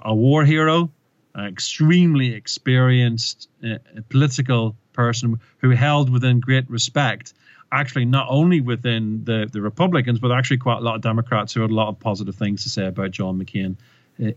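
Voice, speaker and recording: Animated man retelling a story. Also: mid-range voice, muffled recording. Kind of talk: explanatory interview talk.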